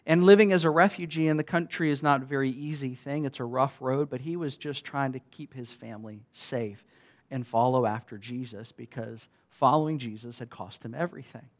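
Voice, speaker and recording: A man preaching to his church, telling mission stories earnestly with many restarts, rising when excited and dropping to a hush at tender moments. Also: mid-range voice, fairly quick. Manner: earnest, animated storyteller, fillers and restarts, softens to a hush. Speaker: pastor. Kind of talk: sermon storytelling.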